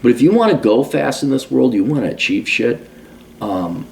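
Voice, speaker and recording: A man's voice: medium pitch, sing-song, moderate pace, vocal fry, a little mellow, slight background noise. A man in his forties in a casual monologue as a podcast host, blunt and profane, ranting. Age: 40s.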